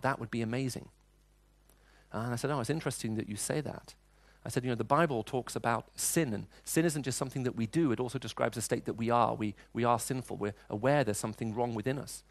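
A man's voice: medium pitch, steady tone, fast, no room sound. A middle-aged man preaching a sermon, telling personal stories in a conversational way. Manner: storytelling, conversational, frequent restarts.

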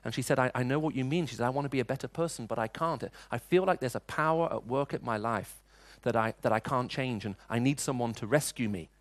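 Man, middle-aged, preacher, storytelling sermon, dry close sound, mid pitch. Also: quick pace, few pauses, no room sound. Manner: storytelling, conversational, frequent restarts. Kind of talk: sermon with personal stories.

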